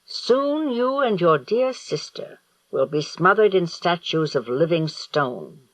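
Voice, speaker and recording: A man's voice: high-pitched, big pitch swings, fairly bright tone, dry recording, exaggerated voice, poor audio. A man reading an audiobook, voicing a cold, vengeful evil sorcerer with a harsh, grating voice. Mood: menacing. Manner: slow, menacing, gloating.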